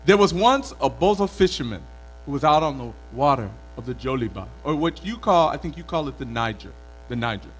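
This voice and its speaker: Animated male storyteller, lively pitch. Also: fairly quick, slight background noise, low-quality recording. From Mali. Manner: expressive, dramatic, repetitive. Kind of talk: oral storytelling performance. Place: country club event.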